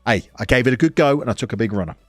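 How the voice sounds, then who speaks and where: A man's voice: mid-range voice, lively intonation, racing, no room sound, faint music behind. A man in his forties with a West Midlands accent, hosting a live stream and bantering jokily with viewers in the chat. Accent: West Midlands English. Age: 40s. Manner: jokey, teasing banter with viewers.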